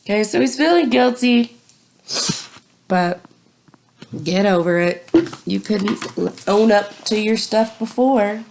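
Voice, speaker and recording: A woman's voice: mid-range voice, slow pace, vocal fry, long pauses, background noise. A woman reading a novel aloud and adding chatty, casual comments between passages. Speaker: reader.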